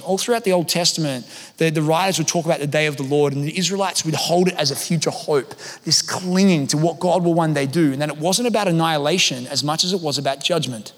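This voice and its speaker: A man preaching a sermon as pastor, with animated, emphatic delivery and conversational asides. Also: on the high side, long reverb tail.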